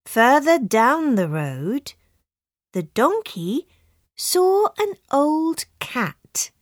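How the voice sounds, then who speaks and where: A woman reads a simple storybook for learners at an extremely slow, careful pace. Her pitch moves up and down with plenty of expression. The studio recording is dry and close. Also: no echo. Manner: very slow, clear, expressive reading. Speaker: narrator. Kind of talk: scripted storybook narration for language learners.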